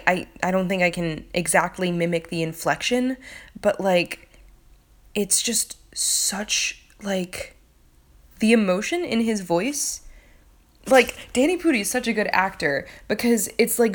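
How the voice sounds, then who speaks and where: A woman casually talking through sitcom episodes she loves, rambling with lots of fillers and swearing. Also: lowish voice. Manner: enthusiastic, loose, heavy on fillers and swearing. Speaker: TV episode reviewer.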